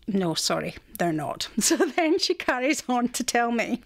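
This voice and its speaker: A woman's voice: fairly high pitch, big pitch swings, measured pace, gravelly. A middle-aged Scottish woman presenting a radio show, chatting casually and laughing as she tells a story. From Scotland.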